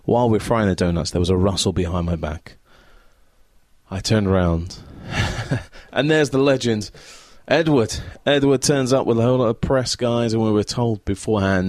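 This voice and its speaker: A man's voice: mid-range voice, moderate pace, a little mellow, no room sound. A man hosting a casual solo podcast from his home, chatting in a rambling, easily distracted way as a Scout leader. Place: at home by a window.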